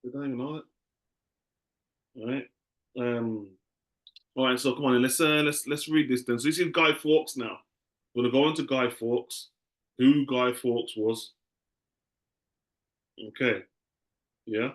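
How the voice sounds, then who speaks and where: A man's voice: mid-range voice, fairly even intonation, measured pace, long pauses. A man teaching a class in a loose, conversational way, often repeating himself.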